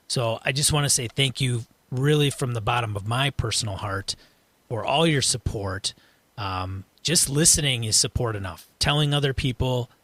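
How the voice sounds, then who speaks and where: A man co-hosting a gaming podcast, speaking hesitantly with many pauses and fillers. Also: mid-range voice, a bit bright, dry recording. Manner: hesitant, halting, many ums, grateful. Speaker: podcast co-host. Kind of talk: casual podcast chat.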